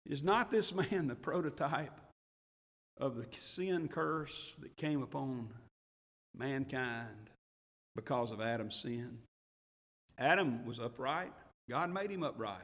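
A man's voice: fairly high pitch, expressive. Fiery preaching man in echoing church. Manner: preaching that swings between loud emphatic passages and hushed, slow ones; reads scripture aloud in King James wording with rising intensity. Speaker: pastor. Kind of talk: sermon.

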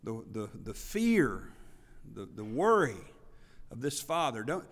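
A man's voice: medium pitch, big pitch swings, slow, in a large hall. A man, a church elder, preaching a sermon in an earnest way, with rhetorical questions and repeated words.

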